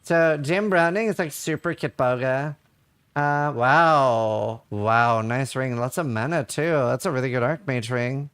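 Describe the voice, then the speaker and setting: A man's voice: mid-range voice, a little slow, a bit bright, smooth, dry recording. A man streaming a game and chatting casually with viewers, rambling and full of filler words. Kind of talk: casual livestream chat while gaming.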